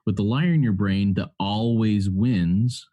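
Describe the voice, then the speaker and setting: Low-voiced man hosting an interview. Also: measured pace, mellow, dull audio. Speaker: podcast host. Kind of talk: recovery podcast interview.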